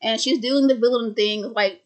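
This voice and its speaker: A woman's voice: fairly high pitch, fairly even intonation, brisk. Stuttering young woman recapping a film. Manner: stutters, restarts words. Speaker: video creator.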